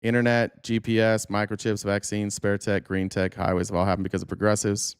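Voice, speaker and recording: A man live-streaming, arguing his points in a quick, rapid-fire rant. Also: fairly low pitch, little pitch movement, clean tone, dry recording, studio quality.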